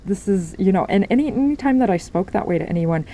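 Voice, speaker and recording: A woman's voice: medium pitch, lively intonation, quick pace, mellow, a little hiss or hum, low-quality recording. A woman giving a spiritual tarot reading, talking in a rambling way with many fillers and restarts. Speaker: tarot reader.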